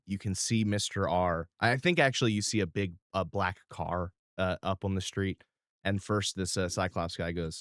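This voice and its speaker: A man's voice: lowish voice, clear, resonant tone, no room sound, clean studio sound. A man narrating as game master of a tabletop game, describing scenes casually with filler words.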